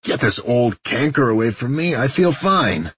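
A man's voice: mid-range voice, expressive, normal speed, a bit bright, breathy edge, no echo, pitched above the performer's own voice. A man voicing a cold, curt young male gang boss in an audiobook, with a clipped, hard-edged delivery.

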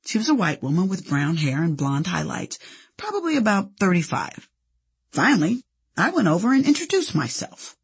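A woman's voice: on the low side, sing-song, moderate pace, breathy edge. A woman from Indianapolis, an actress, narrating her own memoir in a candid, playful storytelling manner. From Indianapolis, USA.

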